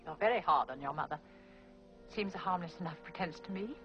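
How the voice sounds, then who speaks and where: An actress playing a weary wartime widow who speaks in a wry, reflective way, heard from an old film soundtrack. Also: female voice, on the low side, fairly quick, lo-fi sound, music in the background, close to an everyday voice. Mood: weary, rueful. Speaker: film character. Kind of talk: 1960s film drama.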